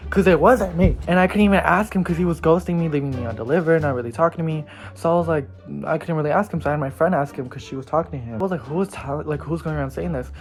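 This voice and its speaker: Animated young man telling gossip. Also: a little high, quick pace, soft background music. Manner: animated, gossipy, slangy storytelling. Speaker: vlogger. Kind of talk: casual storytime.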